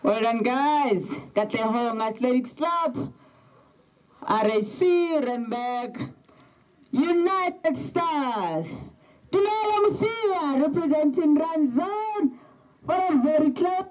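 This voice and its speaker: A man's voice: very high voice, animated, slow, a little mellow, low-quality recording. A man giving live commentary, calling out runners' positions and their clubs one by one. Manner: calls out positions and clubs in turn. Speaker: race commentator.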